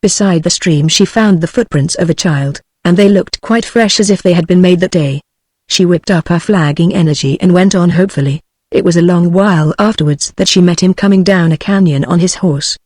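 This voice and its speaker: A synthetic female text-to-speech voice with a British English accent, reading a novel as an audiobook narrator in an even, measured way. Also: fairly low pitch, dry recording, studio quality. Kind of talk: scripted narration.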